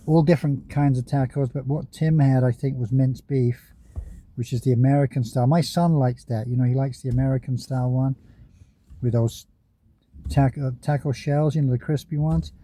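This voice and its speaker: A man's voice: medium pitch, fairly even intonation, normal speed, dark tone. A man in a parked car giving casual, rambling commentary on other YouTubers, chatty and often chuckling.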